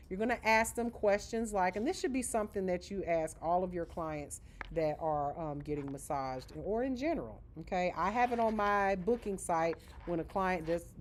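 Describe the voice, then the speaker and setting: A woman's voice: on the low side, slight background noise. Chatty woman teaching a nail class. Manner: chatty, frequent "okay?" checks. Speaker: nail school instructor. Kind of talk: live class demonstration.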